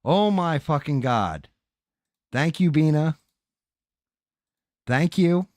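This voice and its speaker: A man's voice: fairly high pitch, slow pace, dry recording. Laughing, foul-mouthed male streamer. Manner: laughing, swearing a lot, animated storytelling. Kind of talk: casual stream chat. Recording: dry close headset sound.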